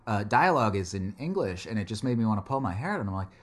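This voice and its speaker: Co-host, male, chatty and jokey, voice on the low side, lots of swing in pitch. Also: very animated, fast. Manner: rambling, joking, swears casually. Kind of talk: casual chat.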